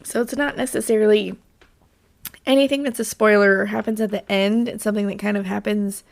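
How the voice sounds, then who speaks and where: A woman's voice: medium pitch, fairly even intonation, a little fast, creaky. A woman hosting her own podcast, talking in a rambling, chatty way, her voice scratchy from allergies. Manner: rambling, chatty, with many fillers. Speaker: podcast host. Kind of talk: casual solo podcast chat.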